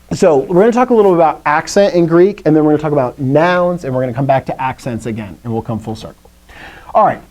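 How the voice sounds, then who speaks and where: A man's voice: a little high, dark tone, low-quality recording. A man from the American South teaching a Greek class, chatty and playful, with lots of asides. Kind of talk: classroom lecture.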